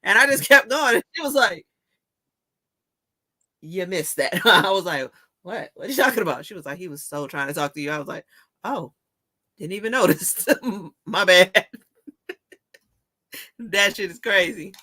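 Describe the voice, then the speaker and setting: A woman hosting a casual chat, telling stories in an animated way, laughing often and swearing casually. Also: on the low side, normal speed, pauses often. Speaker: show host.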